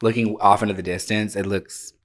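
A man with a low voice, chatting casually on a podcast. He gushes in slangy speech and often restarts his sentences midway. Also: flat delivery, a little fast, a bit bright, a little hiss or hum. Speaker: podcast co-host. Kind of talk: casual chat.

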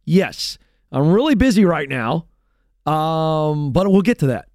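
A man voicing a cheerful but dismissive father who keeps putting things off, in a raised, bright tone. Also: a little high, big pitch swings, unhurried, no room sound, clean studio sound, pitched above the performer's own voice. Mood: breezy. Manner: breezy, dismissive. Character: busy, brushing-off cheerful dad.

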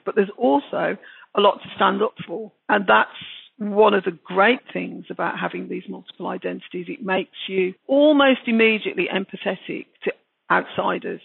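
A woman's voice: mid-range voice, normal speed, gravelly, slightly rough, no echo. A woman in her sixties with a Birmingham accent, a guest author telling her story frankly and emphatically. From Birmingham, England. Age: 60s. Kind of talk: reflective interview talk. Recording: dry, tinny phone-like line.

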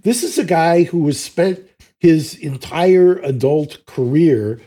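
A man's voice: fairly high pitch, takes it slowly, mellow. A man appearing as an attorney guest on a talk show, chatting casually and emphatically. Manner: emphatic, agreeable interjections. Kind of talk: casual conversational interview.

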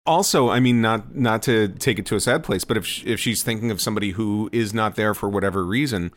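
A man's voice: fairly low pitch, fast talker. A man co-hosting a podcast, chatting casually and dropping wry, dry jokes. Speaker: podcast co-host. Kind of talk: casual chat.

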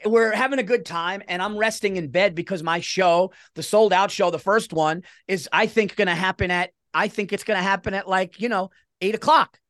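A middle-aged man, a comedian guest telling stories in a rambling, animated way. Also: high voice, normal speed, no room sound, clean studio sound. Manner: animated, rambling, self-interrupting. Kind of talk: casual interview storytelling.

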